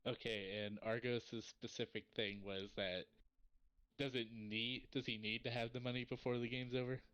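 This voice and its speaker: A man playing a tabletop role-playing game, speaking deliberately as he states his character's actions. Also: medium pitch, level tone, a bit bright, smooth. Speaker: player. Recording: dull lo-fi audio.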